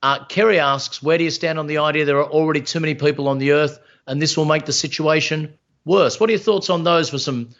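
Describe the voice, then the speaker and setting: A man's voice: fairly high pitch, fairly even intonation, fast talker, a bit bright, highs cut off. A man in his fifties hosting a live Q&A, reading out viewer questions in a friendly way. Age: 50s. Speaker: event host. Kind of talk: moderating a live Q&A.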